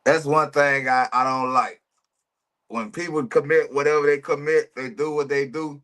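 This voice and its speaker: A man's voice: a little high, fairly even intonation, moderate pace, a bit bright. A man giving casual reaction commentary in a preachy, emphatic way, repeating his phrases and using slang. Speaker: reaction streamer.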